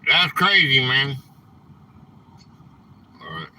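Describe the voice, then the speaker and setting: A man hosting a casual live stream, rambling and quick to get frustrated, saying "man" a lot. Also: medium pitch, big pitch swings, pushed and bright, low-quality recording. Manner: rambling, easily frustrated, says "man" often.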